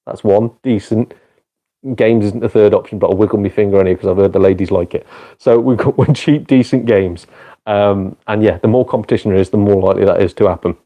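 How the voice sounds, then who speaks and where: A man's voice: lowish voice, fairly even intonation, quick pace, warm tone. A British man hosting a casual gaming live stream, rambling and joking with heavy swearing. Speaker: retro games streamer.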